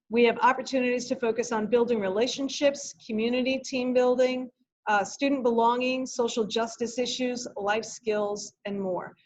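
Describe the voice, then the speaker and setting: A woman teacher and parent, middle-aged, explaining a new school program to parents in an earnest, explanatory manner. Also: fairly high pitch. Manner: earnest, explanatory, animated when retelling a story. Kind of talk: presentation to parents. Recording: dull lo-fi audio.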